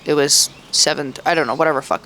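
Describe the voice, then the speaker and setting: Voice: mid-range voice, fairly even intonation, quick pace, sharp tone, slight background noise. A thirty-year-old vlogger talking in a rambling, emotional way, full of swearing and fillers. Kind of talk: emotional personal vlog. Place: outdoors in Mexico, birds audible.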